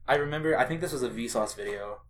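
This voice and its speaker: A man's voice: mid-range voice, quick pace, a little hiss or hum. Hesitant man in casual chat. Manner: agreeable, hesitant, often restarts his sentences. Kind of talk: casual discussion.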